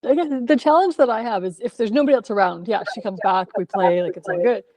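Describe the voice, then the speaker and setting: A woman's voice: on the high side, fast, a little mellow, no room sound. A woman taking part in a dog training class, thoughtfully describing a problem she has with her dog. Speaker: class participant.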